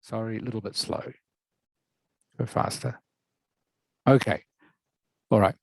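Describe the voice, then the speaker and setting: A man's voice: lowish voice, steady tone, measured pace, gravelly, a little mellow, no room sound, poor audio. A man teaching English over a video call, patiently giving feedback and often checking that his student follows. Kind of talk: online lesson feedback.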